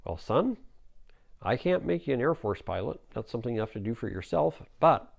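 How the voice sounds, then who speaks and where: A man's voice: medium pitch, very animated, a little fast, creaky, exaggerated voice. A man doing a self-important president.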